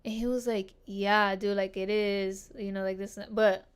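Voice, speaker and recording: A woman's voice: mid-range voice, little pitch movement, moderate pace, clear, resonant tone. A woman hosting her own podcast, telling a personal story in casual slang and swearing freely as she talks to her listeners. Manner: heavy swearing and slang, addresses listeners as dude and girls. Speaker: podcast host.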